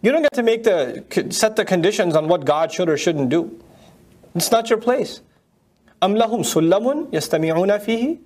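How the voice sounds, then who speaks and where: A man teaching a Quran commentary lecture, firing mocking rhetorical questions and reciting Arabic verses rapidly. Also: high-pitched, lively intonation, a little mellow. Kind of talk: tafsir lecture.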